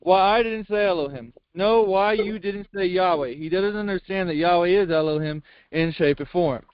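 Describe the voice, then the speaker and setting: High-pitched male reader, emphatic and folksy, reading a sermon transcript over a muffled, dry call line. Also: moderate pace. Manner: emphatic, with frequent rhetorical questions; folksy double negatives. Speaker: Bible class reader.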